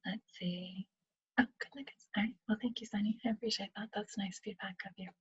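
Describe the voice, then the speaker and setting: A woman's voice: medium pitch, steady tone, brisk, husky, no room sound, dull audio. A woman presenting a live leadership webinar, answering audience questions in a conversational way and acting out little examples. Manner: conversational, explaining with acted-out examples. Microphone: computer mic on video call.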